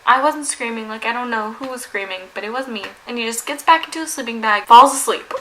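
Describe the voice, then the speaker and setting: A young woman vlogger with a fairly high, fast voice dramatically retells a story, saying "like" constantly. Her animated storytime narration is recorded roughly, with slight background noise.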